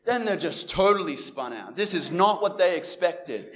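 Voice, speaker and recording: With a crowd audible behind him, a young man who evangelizes for Christianity tells his faith testimony at normal speed in a high voice. He animatedly performs the lines of dialogue he quotes.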